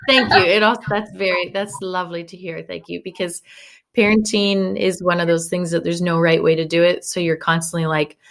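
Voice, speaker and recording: Chatty woman guest, low voice. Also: steady tone, moderate pace, gravelly. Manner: chatty, candid, laughs often. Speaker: podcast guest, founder. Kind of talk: casual podcast conversation.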